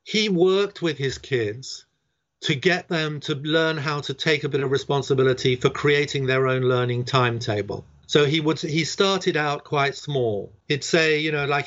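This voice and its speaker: A man explaining ideas about classrooms in relaxed conversation, often checking in with "right?". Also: a little high, unhurried. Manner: chatty, peppered with "right?". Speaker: education guest. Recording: dull lo-fi sound.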